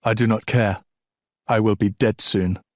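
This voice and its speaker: Man reading as grieving young warrior, bitter, curt, hollow, low and quiet, storybook. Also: steady tone, unhurried, no echo, clean studio sound, close to an everyday voice. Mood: grief-struck.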